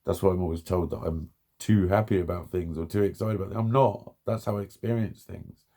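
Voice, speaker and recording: A man's voice: low-pitched, fairly even intonation, fairly quick, mellow. A man talking bluntly and frustrated in a candid vlog monologue, swearing often and repeating himself. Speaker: vlogger.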